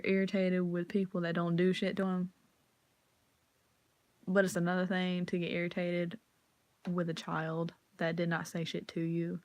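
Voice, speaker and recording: A woman's voice: on the low side, dry recording. Profane ranting woman vlogger. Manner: profane, animated storytelling, acts out quotes. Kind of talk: casual ranting monologue.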